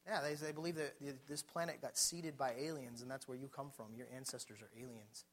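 Fiery and brisk, a man delivers a sermon that poses questions to the congregation, dropping to quiet, low tones and then rising to shouts. Despite these swings, his intonation stays fairly even.

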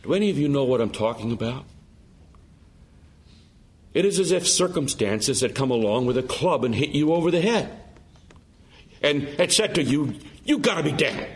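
A man's voice: mid-range voice, expressive, normal speed, pauses often. A man preaching a sermon, emphatic and full of rhetorical questions.

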